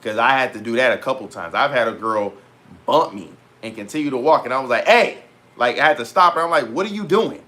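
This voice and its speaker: Young dude ranting on his vlog, slangy, keeps saying bro, gets loud and high when fired up. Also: quick pace. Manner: animated, heavy slang, repeats "bro" and "petty". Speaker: vlogger. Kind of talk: casual storytelling rant to camera.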